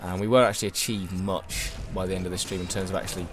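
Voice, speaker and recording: A man's voice: low voice, level tone, fast talker, a little hiss or hum. A man commentating his own gameplay live, chatty and wry, talking to his viewers while tired and yawning late at night. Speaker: game streamer.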